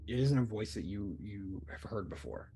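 A man narrating as game master for a tabletop game, halting and often repeating words. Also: lowish voice, expressive, creaky, dark tone, slight background noise.

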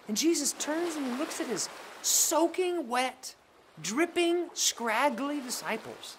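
Speaking slowly in a high, lively voice with a faint hiss or hum, this woman leads children's ministry. She animates a Bible story for kids, making it dramatic and playful with plenty of slang and jokes.

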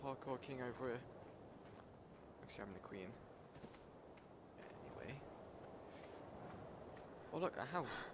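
A young man giving casual let's-play commentary, excitable and jumpy, talking to himself and yelping when scared. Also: measured pace, long pauses. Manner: excitable, jumpy, talks to himself, breaks into high panicked yelps. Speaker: gameplay streamer. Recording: loud game ambience and insect noise behind.

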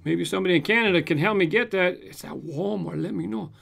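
A man's voice: high voice, fast, vocal fry, a bit bright. A man hosting a casual show, reading out viewer comments and chatting about them. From United States. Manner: reads comments aloud, chatty with restarts and fillers. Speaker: host answering viewer comments. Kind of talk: casual chat.

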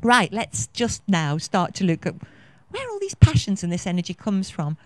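A woman's voice: medium pitch, wildly swooping pitch, moderate pace, dry recording. A woman in her fifties giving a conference talk, effusive and passionate, rambling with many fillers. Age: 50s. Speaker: conference speaker. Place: conference venue.

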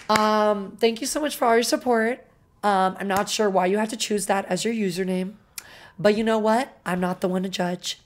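A woman streaming a video game, talking to her chat in an expressive, dramatic way and swearing freely. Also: mid-range voice, normal speed. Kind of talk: casual gaming livestream chat. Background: faint game music.

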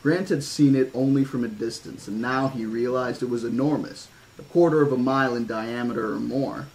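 A man reading a novel aloud in a measured, horror-toned style, now and then breaking off with casual asides. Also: medium pitch, a little mellow, low-quality recording. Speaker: audiobook reader.

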